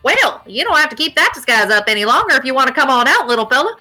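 A woman's voice: high-pitched, big pitch swings, quick pace, bright, forceful tone, voice pushed up, heavily acted. A woman voicing a friendly old man who keeps an arcade, with a folksy, chirpy drawl. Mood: knowing.

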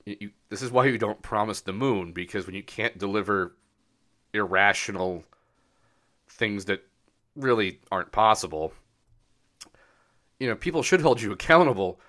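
A man's voice: fairly low pitch, animated, normal speed, long pauses, a bit bright. A man co-hosting a podcast, rambling through casual political chat with lots of fillers and frequent laughs. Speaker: podcast co-host.

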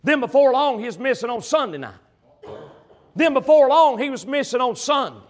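A male preacher delivering a sermon, emphatic and swinging between loud passages and hushed ones. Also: extremely high pitch, animated, normal speed.

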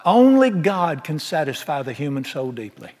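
A man delivers a sermon, folksy and emphatic, throwing rhetorical questions at his listeners. His voice sits a little high for a man. Long reverb of a church sanctuary trails behind every phrase. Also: very animated, normal speed, a little mellow. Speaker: pastor. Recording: long reverb of a large hall.

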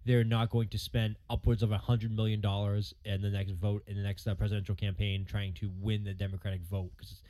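A man in his thirties with a fairly low voice, trading relaxed podcast banter in short asides. The sound is dry and close to the mic. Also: brisk, few pauses, no echo. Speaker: podcast co-host. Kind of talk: casual chat.

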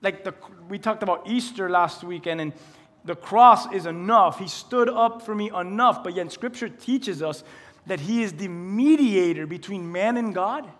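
A man's voice: sits high, moderate pace, fairly bright tone. A male pastor preaching a sermon in a church, talking conversationally and asking his listeners questions. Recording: long reverb of a large hall.

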